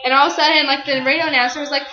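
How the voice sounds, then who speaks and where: A woman's voice: high voice, fairly even intonation, very fast, echoey room, dull audio, crowd noise. A teenage girl vlogging in a rambling, bubbly way, full of fillers. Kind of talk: casual chat.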